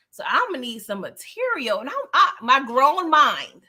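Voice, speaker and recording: A woman's voice: on the high side, measured pace, few pauses. A woman hosting a live movie review chat, retelling scenes with emphatic delivery, acting out the characters' lines and laughing often. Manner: animated, emphatic storyteller who acts out the characters' lines. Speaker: channel host.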